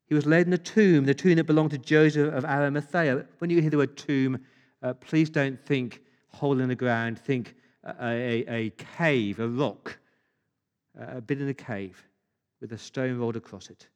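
A man's voice: medium pitch, fairly even intonation, moderate pace, a little mellow. Male pastor, emphatic sermon delivery with rhetorical questions, reverberant hall sound.

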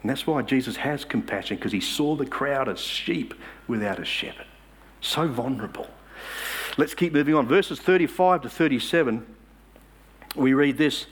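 A man's voice: mid-range voice, lively intonation, moderate pace, breathy edge. A man preaching a sermon in church, emphatic and asking the congregation rhetorical questions.

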